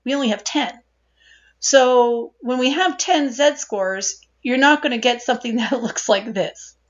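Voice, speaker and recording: A woman's voice: on the high side, unhurried. Lo-fi woman lecturing on statistics. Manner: explanatory, asks "right?" and repeats points. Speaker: statistics instructor. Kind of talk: recorded lecture. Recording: dull lo-fi recording.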